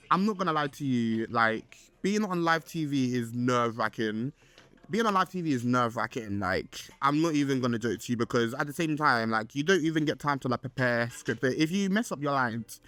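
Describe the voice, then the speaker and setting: A young man hosting a casual podcast, rambling and excitable with lots of fillers and restarts. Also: normal speed. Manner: excitable, with swoops up in pitch. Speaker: podcast host. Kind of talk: casual solo podcast chat.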